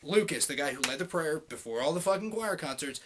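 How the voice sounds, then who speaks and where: A man's voice: fairly high pitch, expressive, brisk, fairly bright tone, slight background noise. A young man venting in a casual, heavily profane rant to his camera, heated and sarcastic. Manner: swears constantly, heated and sarcastic. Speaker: vlogger.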